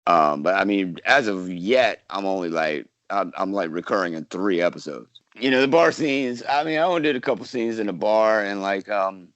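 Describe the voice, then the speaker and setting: A man talks through a casual interview in a lowish voice, wandering and restarting his sentences with plenty of fillers. The sound is dry and close, with no room around it. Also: lively intonation, moderate pace, few pauses, a bit bright, no echo, lo-fi sound. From South Carolina, US. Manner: rambling, many fillers and restarts. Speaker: actor, podcast guest.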